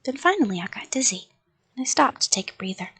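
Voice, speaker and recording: Woman reading a kids book at bedtime, soft half-whispered breathy voice, a bit high. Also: sing-song, quick pace. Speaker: storyteller.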